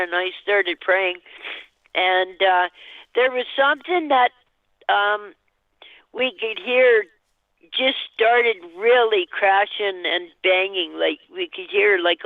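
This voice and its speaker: A woman's voice: medium pitch, no echo. Woman on a tinny phone line. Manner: halting and rambling, with nervous laughs. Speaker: caller. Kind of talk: telling a personal story on a call-in show. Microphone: telephone.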